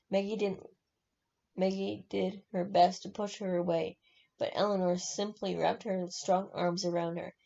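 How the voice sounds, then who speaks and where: Woman reader, novel read aloud; gravelly, mellow tone, frequent self-corrections, dull lo-fi sound. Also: lowish voice. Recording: dull lo-fi recording.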